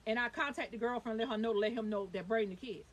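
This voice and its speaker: A young woman vlogging about her own life, talking fast and emphatically and swearing when upset. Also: on the high side, rough recording. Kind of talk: heated personal storytelling. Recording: faint hiss.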